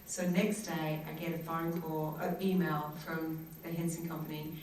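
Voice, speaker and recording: Australian actress, lively panel storyteller, lowish voice, heard from far off in a very echoey hall. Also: female voice, normal speed, slight background noise. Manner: animated, acts out quoted voices, laughs often. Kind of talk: anecdotal storytelling to an audience.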